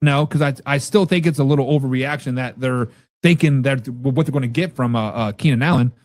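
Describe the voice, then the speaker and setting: A man hosting a casual football talk show, reading viewer comments and reacting loudly with profanity. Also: medium pitch, brisk, dry recording. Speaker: podcast host reading live chat.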